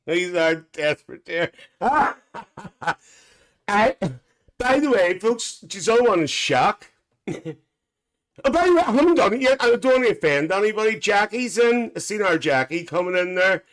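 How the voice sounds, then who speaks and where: A man's voice: sits high, big pitch swings, unhurried, pauses often, a bit bright, full character voice. A man playing a cheeky, gossipy Northern Irish aunty with a Northern Irish accent, hosting a live stream in chatty, bawdy banter full of cackles.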